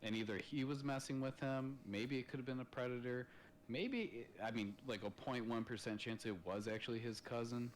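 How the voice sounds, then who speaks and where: A man in his thirties who is a father chats on a podcast, telling stories in a blunt, profane way. His voice is medium-pitched with fairly even intonation and a fairly quick pace. A podcast microphone picks up a little hiss or hum.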